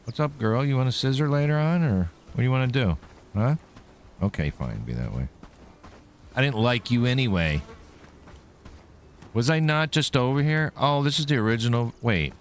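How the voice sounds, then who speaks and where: A man's voice: mid-range voice, animated, normal speed, long pauses, a little hiss or hum. A man streaming a game, joking crudely and mocking the characters' dialogue as he plays. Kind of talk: casual gameplay commentary.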